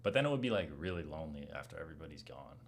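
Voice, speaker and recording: A young man streamer answering viewer questions in a casual, slang-heavy way, getting loud and heated as he rants. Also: very deep voice, very fast, vocal fry. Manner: animated slang-heavy rant, gets loud when heated. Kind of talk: casual Q&A chat.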